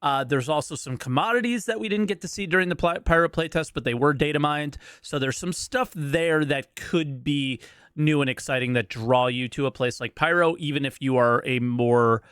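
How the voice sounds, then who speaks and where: A man's voice: a little high, moderate pace, a bit bright, clear, resonant tone, no room sound, clean studio sound. A man giving casual reaction commentary as a streamer, blunt and skeptical, pushing back on what he hears.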